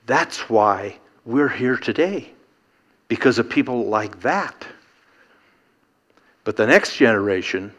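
A man's voice: medium pitch, expressive, slow, pauses often, a bit bright. A middle-aged man preaching a sermon, earnest and emphatic, building to rhetorical questions.

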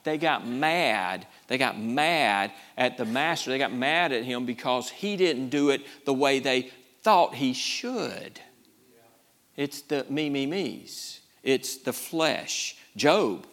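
A man preaching a sermon, repeating himself and swinging between loud bursts and quiet asides. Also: mid-range voice, slow.

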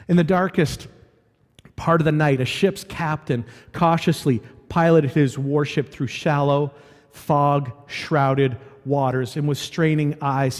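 High-voiced preacher in a reverberant hall. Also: male voice, a little mellow. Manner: conversational, asking the audience questions. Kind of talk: sermon.

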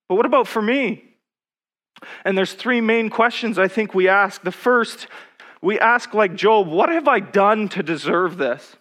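High-voiced man preaching a sermon. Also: expressive, fairly bright tone. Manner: reads scripture slowly, then rises in pitch and force on personal questions.

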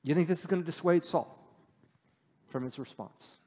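A man preaches in a casual, talkative way. He reads scripture, then breaks it down in plain words. His voice sits slightly high, and long reverb rings through the room. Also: normal speed, dark tone. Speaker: pastor. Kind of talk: sermon, Bible teaching.

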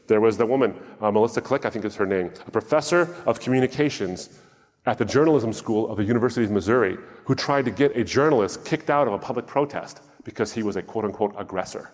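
A man's voice: fairly low pitch, fast talker, in a large hall. A man giving a talk in a sermon style, telling a story with wry humor and acted-out dialogue. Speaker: speaker.

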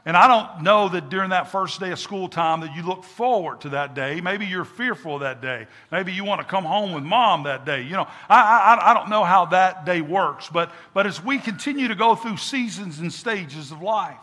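A man's voice: high voice, lively intonation, normal speed, hardly any pauses, pushed and bright. A man preaching a sermon as pastor, repeating words for emphasis and leading call and response. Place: church sanctuary with congregation. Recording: echoey church hall.

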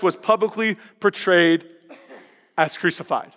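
A male pastor preaching a sermon in a lively, conversational way, hammering points home with playful repetition. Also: high-pitched, brisk, big-room sound.

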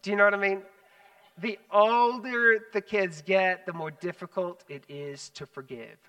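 A man preaching a sermon as pastor, animated, swinging between loud emphasis and hushed asides. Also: high voice, unhurried, clean tone, far from the mic, poor audio. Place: church sanctuary.

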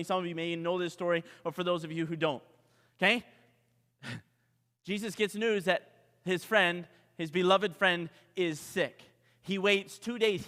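High-voiced preacher man in echoing hall. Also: sharp tone. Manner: dramatic preaching, sung hymn opening, rhetorical questions. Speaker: pastor. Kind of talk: sermon. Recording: long hall reverb.

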